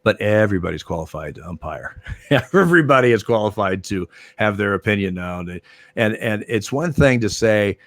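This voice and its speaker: A man's voice: on the low side, moderate pace, no echo. An older man, a former umpire, telling stories in a casual interview, rambling with many fillers and restarts. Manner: rambling, many fillers and restarts, animated when retelling arguments. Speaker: former baseball umpire, guest.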